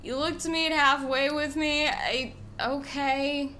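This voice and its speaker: A woman's voice: high voice, fairly even intonation, takes it slowly, pushed and bright, slight background noise. A woman streaming a video game, chatting casually and with exasperation, swearing often. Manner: exasperated, swearing, frequent laughs.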